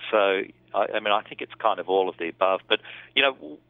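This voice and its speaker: A man's voice: lowish voice, fast talker, creaky, dry recording. A man, a film director, talking about his film in a casual interview, thoughtful and rambling with restarts. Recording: tinny phone line.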